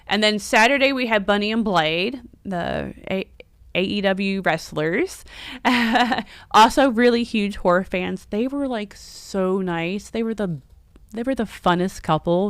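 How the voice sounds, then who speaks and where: A middle-aged woman chats on a casual live stream, getting teary and laughing as she talks. Her voice is smooth and clear, recorded dry and close with no room sound. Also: medium pitch, a bit bright, dry recording. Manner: emotional, teary and laughing, chatty. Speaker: livestream host and horror store owner.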